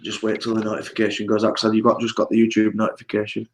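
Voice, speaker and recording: A man hosting a casual livestream chat show, loud and bantering, laughing often. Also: lowish voice, completely flat delivery, racing, slight background noise, poor audio. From United Kingdom. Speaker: host.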